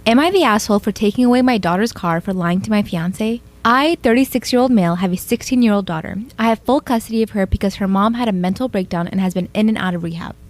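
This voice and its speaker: A woman reading forum posts aloud in a quick, steady read-aloud delivery. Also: medium pitch.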